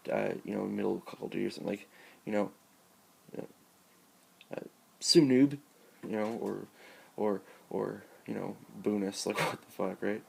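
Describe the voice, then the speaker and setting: A man's voice: on the low side, completely flat delivery, brisk, creaky, darkish tone, husky. A man filming himself at home with a handheld camera, ranting in an exasperated, sarcastic, profane way during an unboxing. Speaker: vlogger. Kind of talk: rambling unboxing rant.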